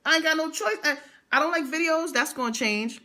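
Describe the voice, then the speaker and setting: In a motivational vlog monologue, a young adult woman speaks fairly quickly in a high-pitched, sharp voice. She drives her story home with slang and emphatic repetition.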